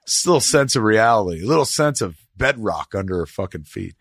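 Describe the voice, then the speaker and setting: A man hosting a casual podcast chat, telling profane, animated stories and slipping into quick put-on voices. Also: mid-range voice, no echo, studio quality.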